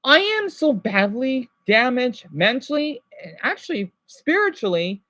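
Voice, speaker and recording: A man's voice: very high voice, sing-song, unhurried, pushed and bright. A stressed man vlogging, ranting to his viewers in an agitated, rambling way, swearing and then apologizing. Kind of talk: unscripted emotional rant to viewers.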